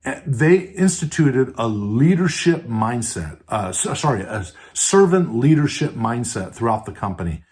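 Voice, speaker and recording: Unhurried and with few pauses, a podcast host with a mid-range, sing-song, slightly mellow voice talks earnestly about leadership. He motivates by asking the listener questions, emphasizes words with his tone, and fills gaps with "right?" and "and so forth."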